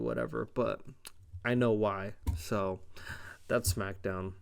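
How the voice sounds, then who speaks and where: A man hosting a solo podcast, recapping a wrestling show in a loose, rambling way and swearing freely. His voice is smooth and clear at a middle pitch, though his mouth is dry. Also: steady tone, moderate pace. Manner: rambling, profane, offhand. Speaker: podcast host.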